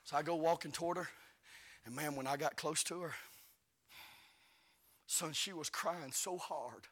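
Fervent preacher man, high and bright. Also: a little slow. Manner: fervent storytelling, rising to shouts. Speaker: evangelist preacher. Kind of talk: sermon.

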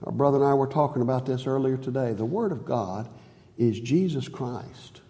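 Preacher in a hall with long reverb. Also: male voice, moderate pace, warm tone. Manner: earnest, rises high on key phrases and drops low on others. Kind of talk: sermon. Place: church.

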